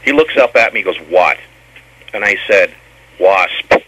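Husky, bright-toned man telling stories. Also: on the low side, lively intonation, quick pace, low-quality recording. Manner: rambling, stammers and repeats words. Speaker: former band member guest. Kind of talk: storytelling interview.

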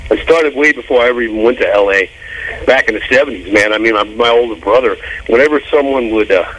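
A man in his fifties, a rock bassist telling stories on a radio interview, loose and animated, swearing casually and drawing out "man.". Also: slight background noise, rough recording. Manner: animated storytelling, swearing, laughing, drawn-out "man". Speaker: guest musician.

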